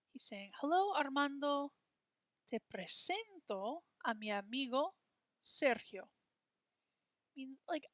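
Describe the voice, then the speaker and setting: A woman teaching a Spanish lesson, explaining words and leading repeat-after-me drills with slow, careful pronunciation. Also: fairly high pitch, fairly bright tone, dry recording, clean studio sound.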